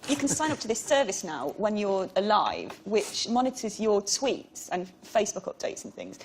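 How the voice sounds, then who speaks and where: A woman on a comedy panel show, joking in a quick, deadpan, whimsical way. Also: medium pitch, slight background noise.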